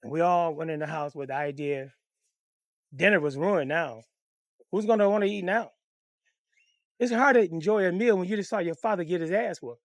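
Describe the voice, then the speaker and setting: A man telling a comic personal story in a profane, animated, conversational way. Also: high voice, normal speed, long pauses, no room sound, clean studio sound.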